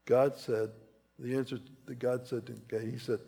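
A man's voice: mid-range voice, level tone, normal speed, creaky, mellow, slightly rough. A man preaching a conversational sermon, rambling and repeating himself, pressing key phrases with rising emphasis. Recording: reverberant hall.

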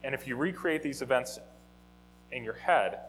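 A man teaching a Bible lesson in a conversational, animated way, often restarting and correcting himself. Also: medium pitch, moderate pace, slight background noise, low-quality recording. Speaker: teacher of a Bible study or sermon. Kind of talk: informal teaching talk.

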